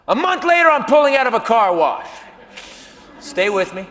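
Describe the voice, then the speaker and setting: A man doing stand-up storytelling on a live stage, animated, jumping between shouting and hushed asides. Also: very high-pitched, normal speed, big-room sound, background noise. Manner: animated, bursts into shouting, drops to near-whispers. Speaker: stand-up comedian.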